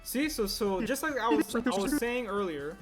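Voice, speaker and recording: A man's voice: extremely high pitch, lively intonation, moderate pace, over loud music. A man livestreaming his stop-motion animation work, chatting casually and rambling as he corrects himself mid-sentence. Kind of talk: casual livestream chat while working.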